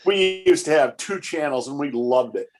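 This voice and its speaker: A man's voice: on the high side, animated, normal speed. A man joining an online astronomy session with dry, teasing jokes. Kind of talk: casual online chat. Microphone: online call mic.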